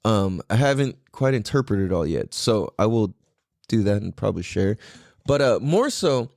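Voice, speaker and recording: A man's voice: mid-range voice, no room sound, clean studio sound. A man hosting a podcast, talking casually in a rambling way and swearing freely. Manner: animated, profane, rambling. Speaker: podcast host.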